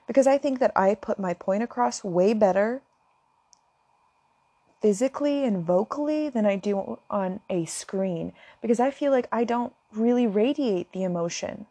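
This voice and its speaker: A woman's voice: mid-range voice, creaky, mellow, no echo. A woman talking straight to her viewers in an earnest, impassioned way, at times close to tears. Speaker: vlogger. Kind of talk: emotional direct-to-camera talk.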